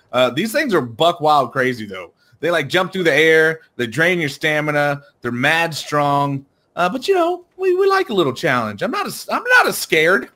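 A young man casually commenting on a video game he plays with a friend, goofy and quick to laugh. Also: on the high side, bright, forceful tone. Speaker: gaming YouTuber.

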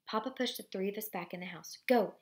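A woman reading a novel aloud for students, steady and expressive, pausing briefly to apologize for slips. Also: mid-range voice.

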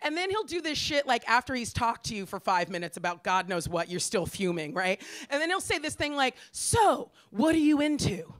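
An American woman in her forties doing a stand-up comedy set, brash and profane, ranting in exasperation with sudden shouted outbursts. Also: a little high, sing-song, a little fast, hardly any pauses. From Los Angeles, US. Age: 40s.

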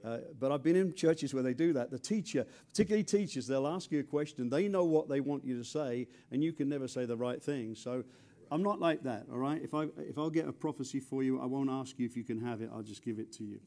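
Male preacher with a warm, mellow voice. Chatty, joking sermon delivery. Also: mid-range voice, quick pace. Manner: chatty and joking, with frequent stumbles and repeats. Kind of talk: conversational sermon.

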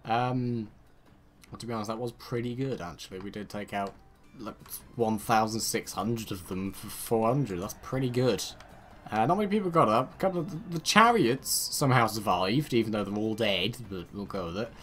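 A British man from the United Kingdom giving rambling, excitable game commentary with sarcastic asides. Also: on the low side, moderate pace, soft background music. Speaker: let's play gamer.

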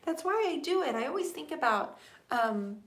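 A woman hosting a casual live stream, chatting warmly and thanking viewers by name as she answers their questions about painting furniture. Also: high voice, sing-song, normal speed. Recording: echoey room.

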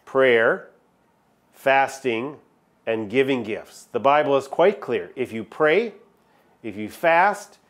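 A man's voice: medium pitch, lively intonation, slow pace. A male pastor giving a sermon in a conversational style, stressing key words with emphatic repetition. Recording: filmed sermon video.

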